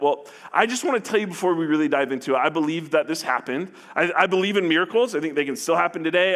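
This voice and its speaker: A man preaching to his church with a voice sitting high for a man. He speaks earnestly, often stumbling and restarting phrases, and acts out what the people in the story would say. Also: fairly bright tone. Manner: earnest, with repeated restarts and acted-out paraphrases. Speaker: pastor. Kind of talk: sermon.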